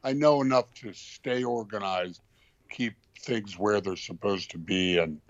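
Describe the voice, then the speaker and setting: A male actor, a guest on a podcast, giving measured, reflective answers about himself. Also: on the low side, dry recording, highs cut off. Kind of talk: casual interview.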